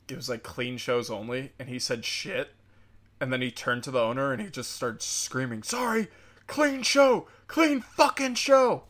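A man's voice: mid-range voice, bright, forceful tone. Sarcastic, profane ranting man. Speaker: commentator. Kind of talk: casual political rant.

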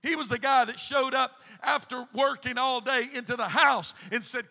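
Middle-aged male pastor, high bright voice, shouting sermon in a reverberant church hall. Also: fairly even intonation, normal speed, gravelly, few pauses. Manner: preaching with rising, shouted emphasis and repetition. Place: church sanctuary.

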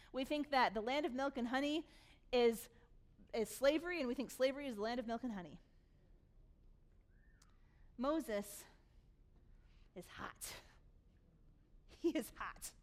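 Lively, high-voiced woman preaching. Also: brisk. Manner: animated storytelling, paraphrasing scripture in casual voices; addresses the congregation directly. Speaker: pastor. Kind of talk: sermon.

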